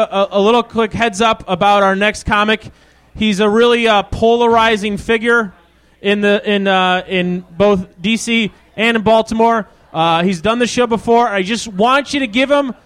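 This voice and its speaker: A brash man hosting a live comedy show from the stage, teasing his guests and swearing freely. His voice sits high for a man and carries through a handheld microphone. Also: fairly bright tone, smooth.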